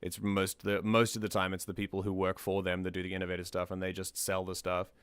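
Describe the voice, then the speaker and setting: A man's voice: low-pitched, monotone, quick pace, a bit bright, clean tone, no room sound. A man hosting a music analysis stream, talking things through in a thoughtful, casual way and often repeating words as he thinks.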